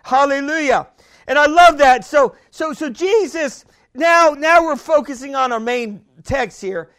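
A man preaching a sermon in an emphatic, repetitive way that builds up to shouting. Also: very high-pitched, a little slow.

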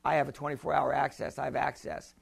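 A man voicing an upset, tearful woman gym worker in a quiet, halting voice. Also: rumbling low, level tone, creaky, husky, pitched below the performer's own voice, heavily acted.

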